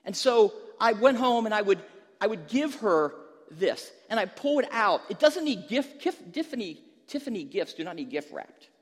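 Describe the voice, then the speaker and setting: High-voiced pastor in a reverberant hall. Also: male voice, very animated, normal speed. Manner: storytelling with humor, rising to emphatic preaching. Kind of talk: sermon.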